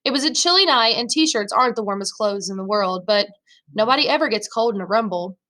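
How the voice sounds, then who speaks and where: A woman's voice: medium pitch, lively intonation, a little fast, bright, forceful tone. A woman, a teacher, reading a novel chapter aloud in the first person, voicing the dialogue in her own voice.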